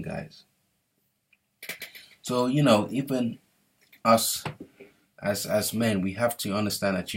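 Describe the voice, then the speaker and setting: Husky low-voiced man lecturing emphatically. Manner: emphatic, repetitive, asks "yeah?". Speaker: motivational speaker. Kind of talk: preachy monologue to camera.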